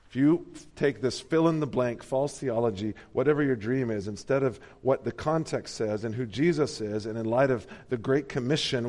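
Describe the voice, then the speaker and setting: A pastor from the United States preaching a sermon in a church, animated and dramatic. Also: male voice, medium pitch, big-room sound.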